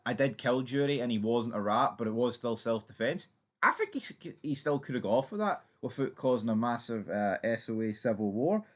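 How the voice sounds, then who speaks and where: A man hosting a fan theory channel, giving his opinion in a chatty, emphatic way with some swearing. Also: medium pitch. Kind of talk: casual opinion commentary.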